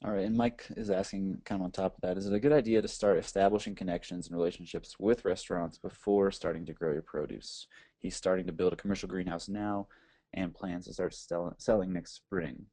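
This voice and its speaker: A man with a very deep, dark, mellow voice moderates a webinar. He reads the audience's questions aloud in a relaxed, informal way. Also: brisk.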